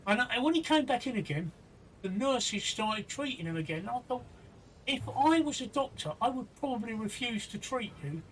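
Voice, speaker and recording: A man's voice: extremely high pitch, animated, normal speed, fairly bright tone. A man hosting a live stream, talking earnestly and indignantly, often repeating himself. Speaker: host of a live stream show. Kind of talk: casual live-stream chat. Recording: distant from the mic with faint noise.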